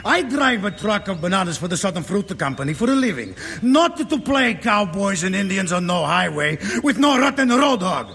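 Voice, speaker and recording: An actor playing a hot-tempered, tender-hearted Sicilian truck driver who speaks broken English with a Sicilian Italian accent, in a 1950s film drama. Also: male voice, high-pitched, sing-song, moderate pace, vocal fry, hardly any pauses, heavily acted. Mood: furious. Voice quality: broken English, emotional and loud.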